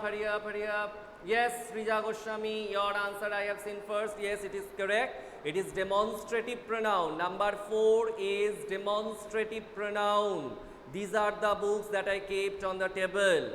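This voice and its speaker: A man with an Indian English accent teaching an online class, brisk and urging students to hurry, often repeating himself. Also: high-pitched, fairly bright tone. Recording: echoey room with faint noise.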